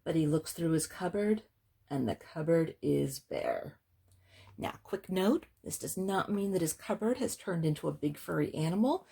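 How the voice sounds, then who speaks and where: A woman librarian reading a picture book aloud for children, slow and gentle, pausing to explain words. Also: deep voice, lively intonation, gravelly, husky.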